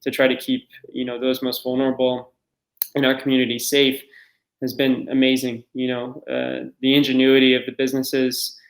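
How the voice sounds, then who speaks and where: ER doctor, thirties, male, flat delivery, roomy echo, halting. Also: medium pitch, creaky. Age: 30s. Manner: reflective, halting with many fillers. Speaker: ER doctor guest. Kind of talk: remote interview. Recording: echoey room.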